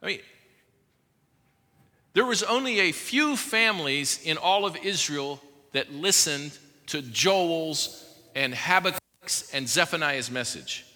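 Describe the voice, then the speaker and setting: Man pastor mid-sermon, sharp and forceful tone, urgent repeated pleas, long reverb from a church hall. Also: fairly high pitch, expressive, takes it slowly. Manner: impassioned, pleading preaching with urgent repetitions. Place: church service before a congregation.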